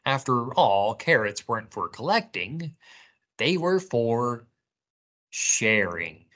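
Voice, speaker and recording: Woman, library story time reader, very deep voice, animated slow storytelling, sings songs for kids. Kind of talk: reading picture books and singing to young children.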